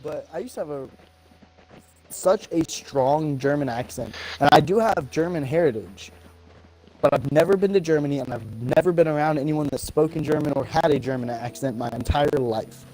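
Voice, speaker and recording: This man from the American South has a fairly high voice for a man. He talks while gaming on a live stream, swearing freely and snapping at teammates when play goes wrong. He often gets tongue-tied, stops and starts again. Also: moderate pace, mellow, rough recording. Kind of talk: casual chat while gaming.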